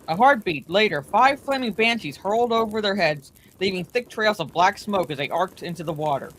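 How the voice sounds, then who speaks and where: A woman reading a bedtime story aloud in a steady, plain way, her voice slightly congested from allergies. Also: fairly low pitch, a little hiss or hum, rough recording.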